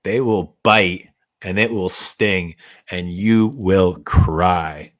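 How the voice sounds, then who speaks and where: Low-voiced laid-back livestream host. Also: male voice, steady tone, drawn-out words, a bit bright. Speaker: perfume brand owner hosting a livestream. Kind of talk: late-night livestream chat.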